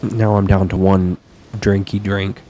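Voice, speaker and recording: Talking over his own gameplay, this streamer has a low-pitched, dark voice with little pitch movement and a slightly slow pace. He chats casually, swears, snaps back at enemies, and sniffles close to his desk mic while slight background noise lingers.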